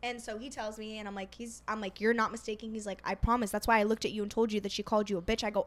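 A woman's voice: medium pitch, very fast, hardly any pauses. A young woman guest on a podcast, telling a story in casual chat and acting out the quoted lines. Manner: animated, acts out quoted dialogue. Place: podcast studio.

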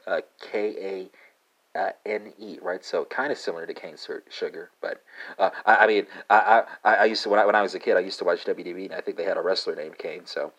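A man hosting a casual language lesson podcast, halting with many fillers and asking "right?" after nearly every word. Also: low voice, steady tone, a bit bright. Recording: dull lo-fi sound.

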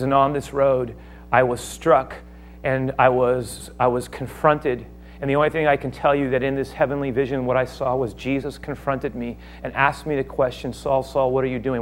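A man preaching a sermon, acting out the speakers of his text with sudden loud outbursts. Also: medium pitch. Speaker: pastor.

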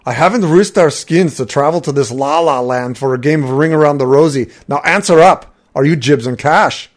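A man voicing a gruff, impatient male Nord warrior in a fantasy audiobook, snapping his lines. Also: moderate pace, lightly acted. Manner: barks his lines louder and higher than the narration. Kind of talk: audiobook character voice.

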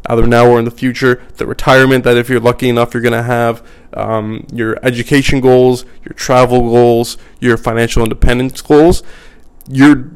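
Smooth-voiced man, blunt podcast monologue. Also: mid-range voice, little pitch movement, moderate pace. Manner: blunt, profane, emphatic with repetition. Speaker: podcast host. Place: at home.

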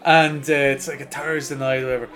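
A man's voice: medium pitch, fast talker, faint music behind. A man with a Dublin Irish accent telling a long pub story in casual podcast chat. He swears constantly and acts out other people's lines. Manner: animated, profane storyteller acting out voices.

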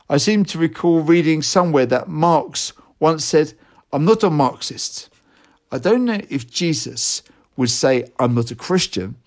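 A man reading his own reflective first-person story in a gentle, self-deprecating way, now and then correcting his own slips. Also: on the high side.

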